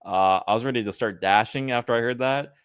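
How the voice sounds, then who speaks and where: A man's voice: medium pitch, a little fast, clear, resonant tone, no echo, studio quality. A man co-hosting a podcast, chatting casually and telling rambling anecdotes. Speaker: podcast co-host. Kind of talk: casual chat.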